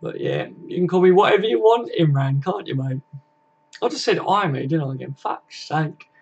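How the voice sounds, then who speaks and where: A man's voice: a little high, big pitch swings, normal speed, creaky, a little mellow, slightly rough, dull audio. A young man hosting a casual live stream from his home computer setup, chatty and matey and swearing freely. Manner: chatty and matey, swears often, reads chat aloud. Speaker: livestream host.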